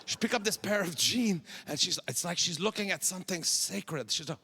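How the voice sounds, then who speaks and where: High-voiced ranting man, Quebec French accent. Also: expressive, normal speed, few pauses, crowd noise. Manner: ranting, exasperated, shouts punchlines. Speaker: stand-up comedian. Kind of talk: stand-up set. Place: comedy festival stage. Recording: noisy live stage recording.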